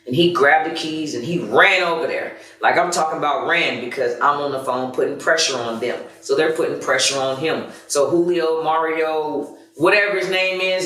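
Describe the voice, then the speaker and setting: A man's voice: on the high side, bright, forceful tone, slight background noise. A man hosting a podcast, telling a personal story in a candid, profane and self-critical way. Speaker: podcast host. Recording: very echoey room, far from the mic.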